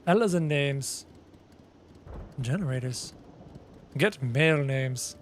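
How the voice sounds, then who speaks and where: A man's voice: mid-range voice, lively intonation, slow pace, slight background noise. A Canadian man streaming a game, chatting casually with viewers and muttering as he reads lists aloud, with faint music behind him. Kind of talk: casual live-stream chat.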